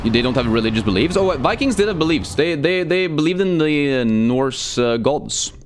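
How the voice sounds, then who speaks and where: A man's voice: on the high side, lively intonation, a little fast, a little hiss or hum. A young man streaming a game, chatting casually, joking and swearing while he reads chat aloud.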